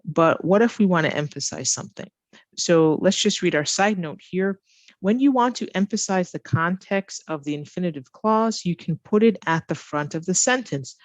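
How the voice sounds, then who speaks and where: A woman's voice: lowish voice, dry recording. A woman teaching English as a second language, patiently walking through grammar exercises and asking the learner questions as she goes. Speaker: ESL teacher. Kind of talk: grammar lesson walkthrough.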